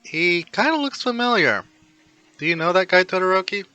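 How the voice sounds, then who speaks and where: Man reading eager friendly schoolboy, bright and a bit high, fan story. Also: lively intonation, moderate pace, smooth, no room sound, lo-fi sound. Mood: curious.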